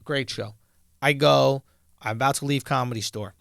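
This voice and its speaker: A man's voice: medium pitch, moderate pace, gravelly, no echo, clean studio sound. A man in his thirties, a podcast host, telling a comedic story with lots of swearing and acted-out quotes. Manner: animated, swearing, acts out quotes.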